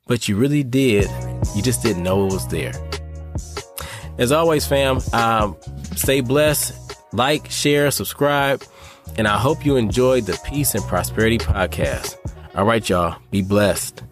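A man's voice: mid-range voice, unhurried, over music. A man hosting a motivational podcast, talking earnestly and directly to his listeners and calling them y'all. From North Carolina. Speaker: podcast host.

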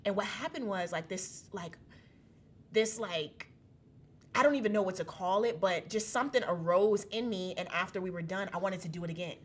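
Young woman, guest, casual animated storyteller, laughs easily, acts out the voices she quotes. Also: mid-range voice, normal speed, husky. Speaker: guest telling her testimony.

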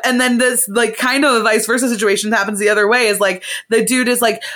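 A young woman casually retelling a play's plot with plenty of swearing, slipping into quick character voices. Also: on the high side. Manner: swearing, animated play-by-play with put-on voices for characters. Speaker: podcast co-host. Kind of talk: casual chat, retelling a play.

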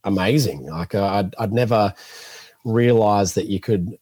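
Lowish man telling stories. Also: measured pace, husky, no echo. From Australia. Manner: animated storyteller, acts out quotes. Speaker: podcast guest. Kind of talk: casual storytelling interview.

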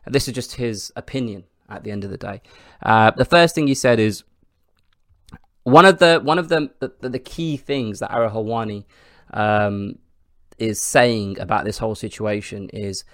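A man's voice: on the low side, moderate pace, no room sound, studio quality. A man hosting his own podcast, chatting casually through the week's news with lots of ums and asides. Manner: chatty, restarts often with ums and rights. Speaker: podcast host.

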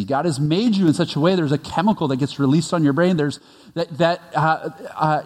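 A man preaches a sermon in a relaxed, conversational way, often restarting his sentences as he tells a story. His voice sits a touch higher than most men's, and it rings out with the long reverb of a large hall. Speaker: pastor.

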